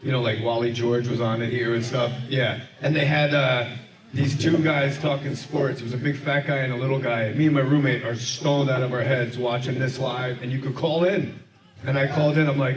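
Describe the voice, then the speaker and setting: A middle-aged male comedian guest telling a lively comic story to a live audience. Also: mid-range voice, moderate pace, a crowd in the background. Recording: echoey live room, far mic, audience.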